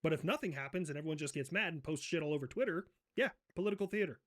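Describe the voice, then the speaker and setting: Hosting a satirical comedy role-play, a man with a slightly raised pitch talks very fast. He needles the others with profane mockery and bursts into sudden shouts.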